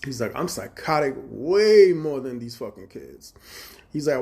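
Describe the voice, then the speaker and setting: A man talking into his phone on a livestream, from Chicago and at a middle pitch. He rambles through a long story, swearing freely and jumping between what he said and what the other person said, his voice rising loud and high whenever he quotes himself. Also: very animated, vocal fry. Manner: profane, fast-shifting, quotes others in dialogue. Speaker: livestream host.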